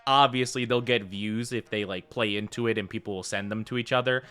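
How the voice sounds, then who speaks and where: A man's voice: lowish voice, steady tone, fairly quick, pushed and bright, clear, resonant tone, soft background music. An American man chatting casually while streaming a game, rambling with lots of fillers and tangents. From United States.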